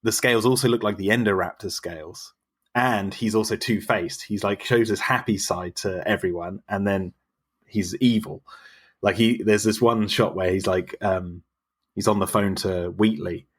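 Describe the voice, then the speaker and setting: Casting: husky, lower-pitched man, enthusiastic film obsessive, rambling chat. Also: steady tone, moderate pace. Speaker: podcast guest. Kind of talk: casual chat.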